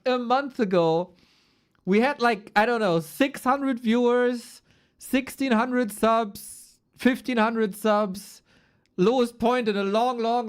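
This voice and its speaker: A man casting a live esports stream, excitable and exclamatory, swearing freely. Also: extremely high pitch, clear, resonant tone. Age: adult, long-time caster. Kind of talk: live stream game commentary.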